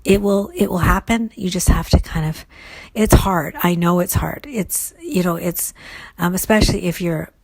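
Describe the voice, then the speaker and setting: A woman's voice: on the low side, normal speed, vocal fry, dry recording. A middle-aged woman casually answering listener questions on recovery, thoughtful and full of fillers and restarts. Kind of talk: casual solo Q&A talk.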